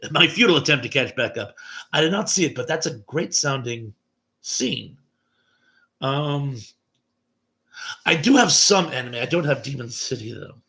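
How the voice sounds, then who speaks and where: A man's voice: medium pitch, expressive, moderate pace, gravelly, pauses often, bright, forceful tone. A man hosting a late-night livestream chat, reading viewer comments aloud and chuckling at them between replies.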